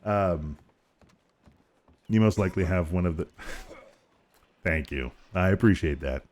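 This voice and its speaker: A man's voice: low voice, slow, a little mellow. A man streaming a game and chatting casually, joking and swapping into silly voices. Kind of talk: casual gaming stream chat.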